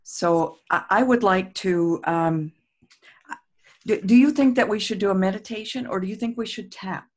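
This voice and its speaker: Middle-aged woman host, earnest and emphatic, repeats affirmations, mid pitch. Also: moderate pace. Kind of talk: casual talk and guided tapping.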